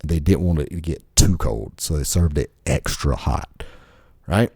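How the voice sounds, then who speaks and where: Low-voiced man ranting crudely. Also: a little slow, darkish tone, slightly rough, no room sound, studio quality. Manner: rambling, crude, swears constantly. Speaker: podcast host. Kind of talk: casual profane rant.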